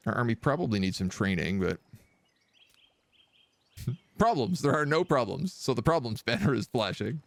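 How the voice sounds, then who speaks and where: This gravelly, medium-pitched man sounds very animated, keeping a moderate pace but pausing often. Living in Quebec, he streams a kingdom-sim strategy game, chatting, thinking out loud, and giving wry, casual live commentary.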